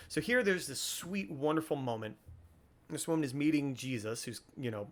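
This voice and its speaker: A young man hosts a podcast of casual commentary, his voice on the high side and expressive, moving at a normal speed. He comes across as earnest and a little preachy, and he often restarts his sentences.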